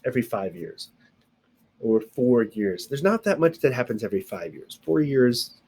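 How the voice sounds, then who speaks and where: A man's voice: medium pitch, sing-song, normal speed, darkish tone, slightly rough. A man giving a casual recorded video lesson, explaining things step by step with playful sound effects and asides, recorded alone indoors on camera. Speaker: sign language teacher.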